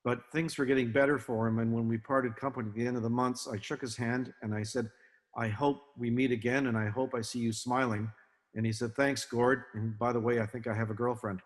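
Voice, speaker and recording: An older man giving an illustrated talk to an audience, relaxed and anecdotal, with many fillers and restarts. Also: medium pitch, a little fast. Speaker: guest speaker, film naval advisor. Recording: long hall reverb.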